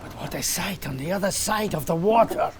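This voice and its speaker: A man's voice: high-pitched, lively intonation, a little fast, noisy background. A man doing a Roman soldier, Italian accent. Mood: storytelling. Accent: put-on Italian. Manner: theatrical, lilting storytelling. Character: weary homesick Roman foot soldier. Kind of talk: educational drama.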